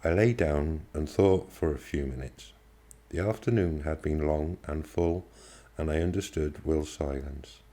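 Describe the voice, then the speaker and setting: A man reading a first-person novel aloud as an audiobook, in a steady, measured manner. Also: extremely low pitch. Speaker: audiobook reader.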